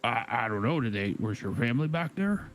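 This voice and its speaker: A man's voice: mid-range voice, expressive. A man speaks in character during a tabletop role-play game. He stumbles and restarts often, trailing off as he hunts for words. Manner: halting, stammering speech. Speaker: player.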